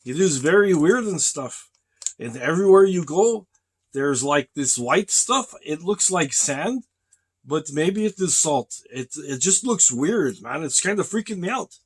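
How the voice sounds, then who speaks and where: Rambling deadpan man, slightly high voice. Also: breathy edge. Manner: slow, rambling, deadpan, calls listeners brother and man. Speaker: vlogger in character. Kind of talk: rambling comic monologue. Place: truck cab on a driving break.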